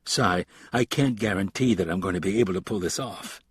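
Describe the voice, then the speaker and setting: A man's voice: low-pitched, fairly quick, breathy edge, no room sound, studio quality. A man voicing a cautious male American politician who speaks in a guarded, placating way.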